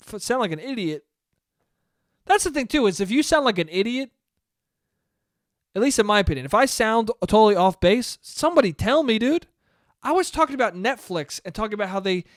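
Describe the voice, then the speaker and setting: A man's voice: sits high, no echo, studio quality. Rambling, profane young man podcasting solo. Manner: rambling, profane, self-deprecating. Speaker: podcast host. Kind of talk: casual solo monologue.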